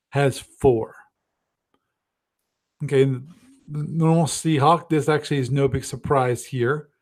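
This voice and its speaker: A man with a slightly higher voice hosts a live stream, rambling through his thoughts as he goes. He keeps restarting his sentences and pokes fun at himself in a loose, offhand way. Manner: rambling, self-deprecating, thinks aloud with many restarts. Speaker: host of a gaming livestream. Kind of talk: casual live-stream commentary.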